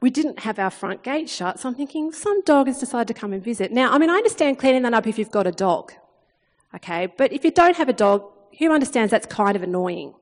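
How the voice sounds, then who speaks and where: A woman in her thirties preaching a sermon in a chatty, animated way, acting out the lines she quotes. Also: fairly high pitch, a little fast. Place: church hall, long reverb. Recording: reverberant hall sound.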